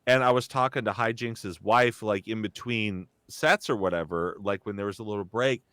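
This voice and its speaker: A young man, a voice actor and comedian appearing as a guest on a live talk show, tells a casual, rambling story full of restarts and acted-out quotes. His lowish voice is clear, resonant and fairly bright, delivered at normal speed with clean studio sound and no room noise.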